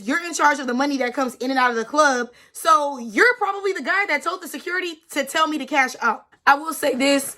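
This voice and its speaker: A woman's voice: high-pitched, bright, forceful tone. A young woman in her twenties telling a personal story in a casual vlog, emphatic and repeating herself with lots of "like". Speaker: storytime vlogger.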